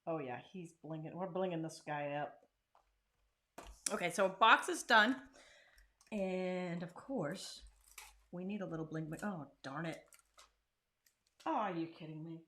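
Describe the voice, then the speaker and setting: A woman's voice: lowish voice, a little slow, long pauses, bright, forceful tone. Chatty woman demonstrating crafts. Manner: chatty and self-deprecating, talks while working. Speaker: craft channel host. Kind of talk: casual crafting tutorial.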